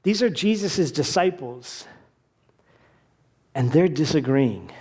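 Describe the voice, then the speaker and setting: A man's voice: on the high side, expressive, slow pace, a little mellow, slightly rough. A man preaching a sermon as pastor, talking in a conversational way with casual asides and briefly acting out quoted voices.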